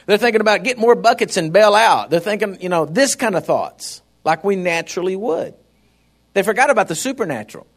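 A man preaching a sermon in a folksy, conversational way, often turning to the congregation with asides. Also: sits high.

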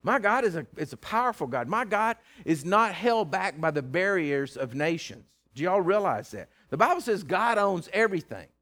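A man preaching a sermon, folksy and teasing, swinging from loud to hushed. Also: high voice, sing-song, moderate pace, few pauses. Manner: plain-spoken, folksy, teasing.

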